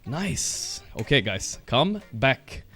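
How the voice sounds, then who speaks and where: A man chatting casually to his stream while walking on a treadmill, a little out of breath, swearing and breaking into loud outbursts. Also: medium pitch, sing-song, drawn-out words, breathy edge, soft background music.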